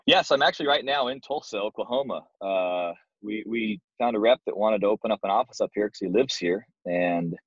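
A man's voice: on the low side, a little fast, few pauses, husky, no room sound. A young man casually telling a self-deprecating story as a guest, easygoing and plain-spoken. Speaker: guest, door-to-door sales manager. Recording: dull, dry lo-fi sound.

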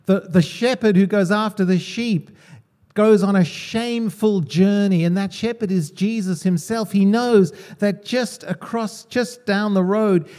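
Male preacher, high voice, conversational, quizzes the room. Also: warm tone. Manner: conversational, asks the congregation questions. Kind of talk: sermon.

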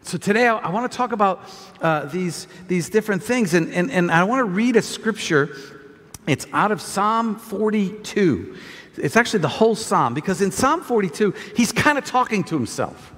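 Male pastor, high voice, sermon, repeats words, loud then hushed, echoing church hall. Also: lively intonation, normal speed. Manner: swings from loud shouting to quiet scripture reading.

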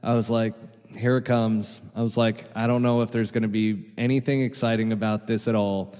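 A man's voice: fairly low pitch, flat delivery, moderate pace, a little mellow, smooth, big-room sound. Wry man co-hosting a casual podcast. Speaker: podcast co-host. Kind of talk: casual chat.

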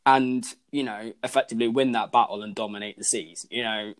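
A man's voice: on the low side, steady tone, fairly quick. Guy cohosting a podcast, lots of you know and restarts, easygoing chat. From Britain. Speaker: podcast co-host. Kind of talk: casual chat.

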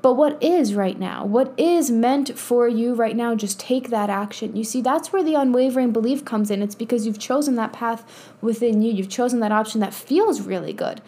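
A woman's voice: fairly high pitch, moderate pace, warm tone. Profane, laughing motivational woman host. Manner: blunt, profane, laughs often. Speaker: podcast host and spiritual coach. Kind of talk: casual motivational monologue.

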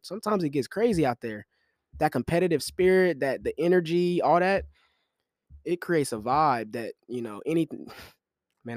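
A young man hosting a podcast, talking sports in loose, slangy, animated commentary with frequent laughs. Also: mid-range voice, no echo, clean studio sound. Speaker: podcast host. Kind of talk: casual commentary.

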